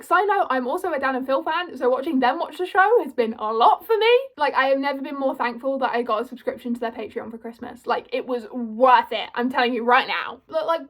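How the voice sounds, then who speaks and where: A twenty-year-old British woman rambling excitedly to camera as a fan, gushing and full of fillers. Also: sits high. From Britain. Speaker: vlogger.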